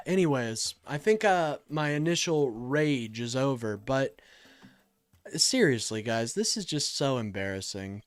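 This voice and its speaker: A man's voice: medium pitch, animated, measured pace, smooth, dry recording, studio quality, soft background music. A young man hosting a political live stream, reading chat and answering it in a heated, exasperated way. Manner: heated, exasperated, swings between loud and muttered.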